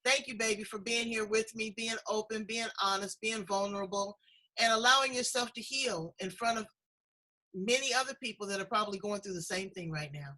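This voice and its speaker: A woman's voice: medium pitch, brisk, sharp tone, low-quality recording. A woman hosting a casual chat show over a video call, effusive and encouraging, speaking with strong emotion. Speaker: host.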